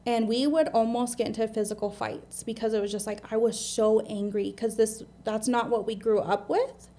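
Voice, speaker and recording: A woman in her thirties with an American accent speaks in a mellow, darker tone as an interview guest. She is open and earnest and often restarts her sentences. She talks in a plain, unhurried way. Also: a little high, fairly even intonation. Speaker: guest, admissions medical assistant. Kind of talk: candid interview storytelling.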